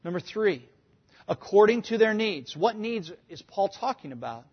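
A man preaching a sermon as a pastor, asking rhetorical questions and pushing up to a shout for emphasis. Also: high voice, very animated, normal speed, husky. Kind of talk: sermon teaching. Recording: dull lo-fi recording.

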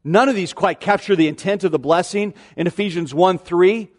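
A man's voice: sits high, moderate pace, big-room sound. A man in his forties preaching a sermon to his congregation in a conversational way, often restarting his sentences and asking rhetorical questions. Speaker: pastor.

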